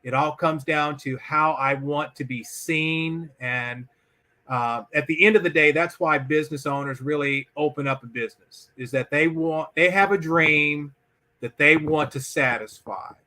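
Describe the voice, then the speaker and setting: A man with a high, bright and forceful voice talks as a guest in a conversational interview. He speaks emphatically and slips into little acted-out voices when he quotes people. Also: measured pace. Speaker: podcast guest.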